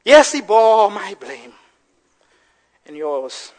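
A man preaching a sermon with passion, rising to shouts and dropping to hushed, quiet lines. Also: high-pitched, sing-song, extremely slow. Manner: impassioned preaching, swinging from shouts to hushed tones. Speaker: pastor.

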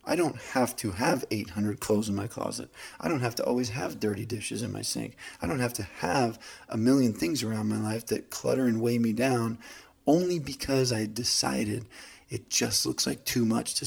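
A man's voice: mid-range voice, moderate pace, vocal fry, slightly rough. A man giving a casual motivational monologue, rambling through a story with many restarts and fillers.

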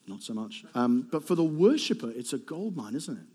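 A middle-aged male preacher giving a sermon, animated, asking rhetorical questions and swinging between loud emphasis and soft asides. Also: medium pitch, unhurried, breathy edge.

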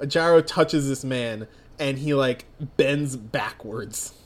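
A man's voice: medium pitch, slow pace, a little hiss or hum. A man co-hosting a casual comic read-along who jokes crudely and laughs a lot. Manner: joking, crude, laughs often. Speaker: co-host reading a comic aloud.

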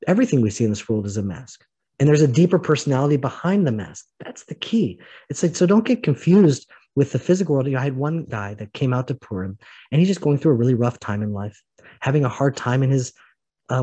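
A man with a mellow, slightly husky voice, teaching the Bible to a live online group. He tells stories with energy and acts out the voices of the people he quotes. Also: medium pitch, low-quality recording.

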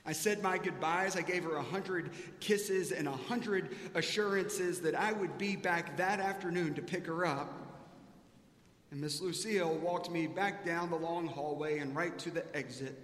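A male pastor preaches from a sanctuary, telling a personal story and acting out the voices of the people he quotes. His voice sits high for a man. It rings with the long reverb of a large hall over a faint hum of room noise. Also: fairly bright tone. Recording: echoey hall with faint ambience.

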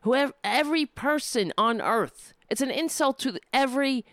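A woman's voice: high-pitched, expressive, a bit bright. A woman giving an indignant opinion monologue, often stumbling and restarting as she builds her point. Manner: impassioned, indignant, with halting restarts.

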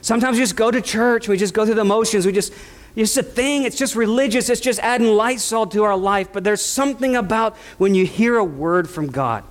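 Impassioned high-voiced male preacher. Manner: impassioned preaching with repeated phrases and drawn-out quotes. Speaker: pastor. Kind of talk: sermon.

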